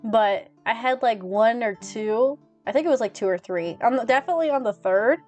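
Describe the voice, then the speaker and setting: A woman's voice: a little high, normal speed, darkish tone, soft background music. A young woman streaming from home, chatting casually with her viewers and giggling constantly.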